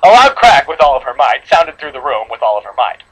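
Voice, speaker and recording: A man's voice: mid-range voice, fast talker, a crowd in the background, poor audio. A man reading a horror fan story aloud to friends, dramatic, with slips and re-reads. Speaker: story reader.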